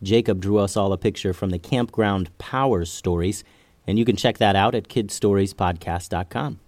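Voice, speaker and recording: A man hosting a children's podcast, narrating a story in a gentle, expressive way. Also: on the low side, normal speed, no echo.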